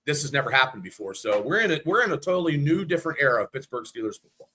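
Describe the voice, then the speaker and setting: A man on a casual sports podcast talks in a rambling, excitable way, peppering his talk with swearing. His voice sits a bit high and rings bright. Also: racing, husky. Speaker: podcast co-host.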